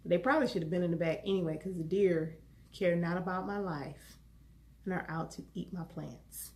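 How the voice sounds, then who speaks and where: Chatty woman vlogger with a gravelly voice. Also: lowish voice, normal speed. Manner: animated, chatty, exclamatory. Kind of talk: casual chat to camera.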